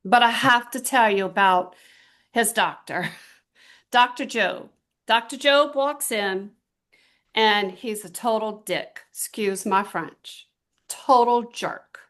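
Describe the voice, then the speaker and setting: A middle-aged woman giving a motivational talk to a small group, telling stories with emphatic, drawn-out stresses. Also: on the high side, a bit bright. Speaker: team trainer.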